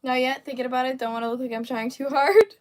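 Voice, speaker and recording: A woman's voice: high-pitched, fairly even intonation, fast, darkish tone. A young adult woman hosting a livestream, teasing commenters with sassy, laughing casual chat. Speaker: livestream host.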